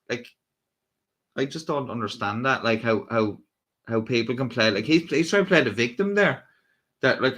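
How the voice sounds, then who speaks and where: Bright-voiced man rambling over clips. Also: mid-range voice, lively intonation, normal speed. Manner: rambling, restarts often, wry asides. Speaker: streamer reacting to police clips. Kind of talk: casual live-stream commentary.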